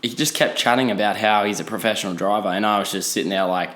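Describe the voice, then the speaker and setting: A man's voice: lowish voice, quick pace, few pauses, a bit bright. A young Australian man hosting a podcast, telling a rambling, profane story with many restarts. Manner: rambling, swears freely, frequent restarts. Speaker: podcast host. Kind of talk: casual storytelling monologue. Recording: echoey room.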